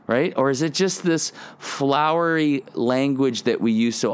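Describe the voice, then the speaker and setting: A man's voice: mid-range voice, measured pace, few pauses, clear, resonant tone. A man hosting a devotional podcast, teaching in an earnest, conversational way and sometimes acting out prayers. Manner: earnest, conversational, acts out prayers in quoted lines. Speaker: podcast host teaching on the Psalms.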